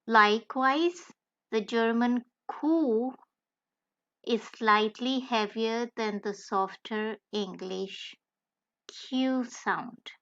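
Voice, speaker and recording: A woman narrating a beginner language tutorial, careful and deliberate, spelling out letters one by one. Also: a little high, a bit bright, lo-fi sound. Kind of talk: slow scripted tutorial narration.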